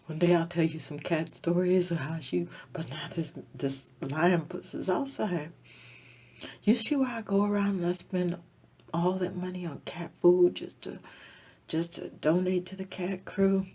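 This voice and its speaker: A husky-voiced woman rambles through a tearful personal vlog, circling back on the same phrases. Her low, mellow voice swings from loud declarations to soft near-whispers as she talks. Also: unhurried. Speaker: vlogger.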